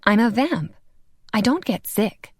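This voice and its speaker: A woman's voice: on the high side, big pitch swings, measured pace, husky, no echo, studio quality, voice pushed up, full character voice. A woman voicing a wry, defensive, hot-tempered female vampire in an audiobook. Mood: guarded. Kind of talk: audiobook character voice.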